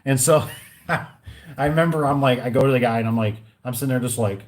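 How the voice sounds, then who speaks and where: A man's voice: mid-range voice, a little fast. A man who installs garage doors, ranting casually in a vlog and acting out both sides of his phone calls. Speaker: garage door and gate installer.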